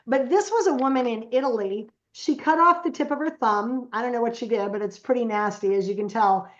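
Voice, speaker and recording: A woman speaks as a podcast guest, her voice sitting a little high. She tells stories casually and animatedly, slipping into the voices of the people she quotes. The recording sounds dull and lo-fi. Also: fairly quick. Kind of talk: casual storytelling.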